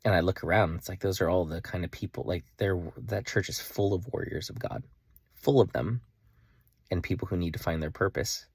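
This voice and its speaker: An earnest young man talks through an emotional personal story in a casual vlog, and he keeps circling back and restarting his sentences. His voice sits very low, with a gravelly, husky edge. The sound is dry and close. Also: fairly quick, darkish tone, no echo. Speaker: vlogger.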